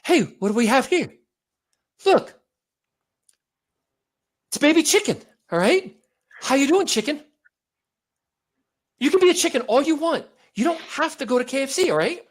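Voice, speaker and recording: A man voicing an impression of a breathless, punchy tough-guy movie star, with a hoarse voice. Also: very high voice, very animated, normal speed, long pauses, voice pushed up. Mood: swaggering.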